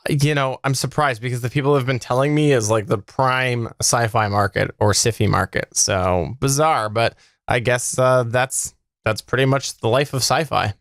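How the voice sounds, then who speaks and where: A man's voice: mid-range voice, moderate pace, fairly bright tone, no echo, studio quality. A man hosting a podcast, joking and upbeat in casual chat. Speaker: podcast host.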